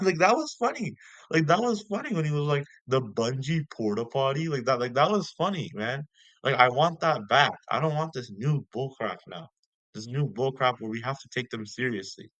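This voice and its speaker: A man's voice: medium pitch, pushed and bright. Young dude ranting on his vlog, says like a ton, repeats stuff, dry no-echo audio. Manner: ranting, heavy filler words, repeats himself. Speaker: vlogger. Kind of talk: casual rant.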